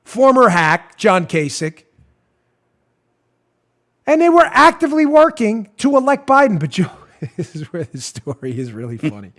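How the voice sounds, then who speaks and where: A man in his forties hosts a comedic political talk show. His voice sits a bit high and swings widely in pitch, and he talks in a mocking, laughing way. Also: big pitch swings, moderate pace, fairly bright tone. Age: 40s.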